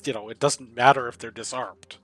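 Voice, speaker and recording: A man playing in a tabletop game, speaking in character with measured, formal phrasing. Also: mid-range voice, fairly even intonation, a bit bright, faint music behind. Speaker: player.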